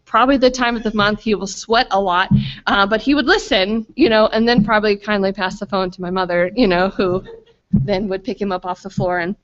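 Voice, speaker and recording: In a school retreat hall, a woman in her thirties gives a chatty faith talk to a family retreat, telling stories and poking fun at herself amid plenty of fillers and asides. Her medium-pitched voice is steady, brisk, and slightly bright, and the lo-fi recording sounds a bit muffled.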